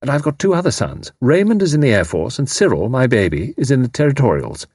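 A man's voice: medium pitch, sing-song, fast talker, darkish tone, slightly rough, dry recording, clean studio sound, pitched above the performer's own voice. Man doing a breezy, teasing young woman. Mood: playful. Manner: breezy, teasing, self-assured. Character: lively, mischievous young Englishwoman spy.

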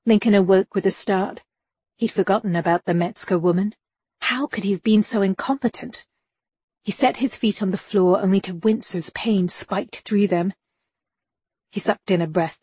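Woman, audiobook narrator, lowish voice, dry close sound, even measured delivery. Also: no room sound.

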